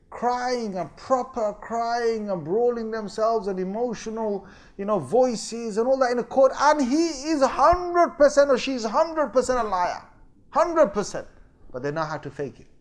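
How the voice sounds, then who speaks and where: A man teaching a religious lecture, telling the story in a lively way and acting out quoted voices and fake crying. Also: high-pitched. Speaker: Islamic teacher.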